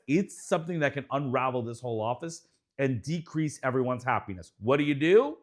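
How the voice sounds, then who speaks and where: A man co-hosting a casual podcast, blunt and emphatic, swearing freely. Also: fairly high pitch. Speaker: podcast co-host, dentist.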